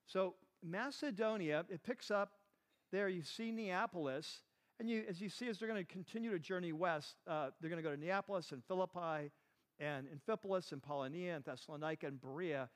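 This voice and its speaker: High-voiced man teaching a chatty sermon. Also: brisk. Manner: chatty, asks the listeners questions, says "like" and "right" often. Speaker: pastor teaching a Bible class.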